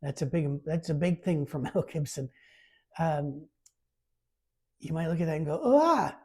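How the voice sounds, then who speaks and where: A male pastor giving a sermon in an easy, conversational way. His voice is warm and a little husky, and he leans into scripture readings with extra emphasis. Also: on the high side, normal speed. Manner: informal and lively, reads scripture aloud with emphasis.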